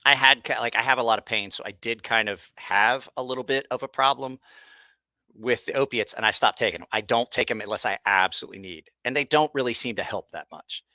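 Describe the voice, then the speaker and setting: A man with a bright, forceful voice tells a loose, cursing story to his viewers. He restarts his sentences often and lets the tale wander. The sound is close and dry, with no room around it. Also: mid-range voice, fairly quick, no room sound. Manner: rambling, profane, frequent restarts. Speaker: host. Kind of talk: casual livestream storytelling.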